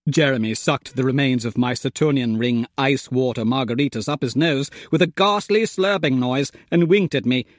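A man's voice: on the high side, no echo, clean studio sound. A man narrating a comic first-person story in an arch, playfully wordy manner. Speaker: audiobook narrator.

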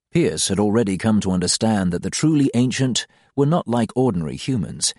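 A man narrating an audiobook in a calm, unhurried reading. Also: sits low, no echo, studio quality.

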